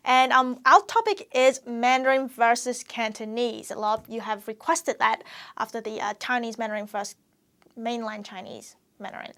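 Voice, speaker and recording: Host, woman, bright-leaning voice, casual explainer, chatty and relaxed. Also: on the high side, normal speed. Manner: chatty, explains language differences with examples. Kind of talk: casual educational chat.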